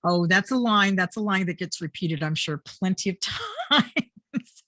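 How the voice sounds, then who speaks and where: A woman's voice: medium pitch, sing-song, takes it slowly, bright, forceful tone, no room sound. A woman guest on a podcast, telling stories in a casual chat and laughing often.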